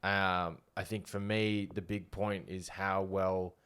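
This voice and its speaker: Deep-voiced Australian man talking sport. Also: flat delivery, takes it slowly, a bit bright, clear, resonant tone. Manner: confident, makes bold predictions. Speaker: podcast co-host. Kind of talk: casual sports chat.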